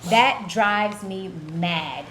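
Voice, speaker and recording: A woman's voice: medium pitch, extremely slow, over a noisy crowd. A woman co-hosting a podcast, a mother, speaking candidly and self-deprecatingly with easy laughter. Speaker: podcast co-host. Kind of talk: casual podcast chat.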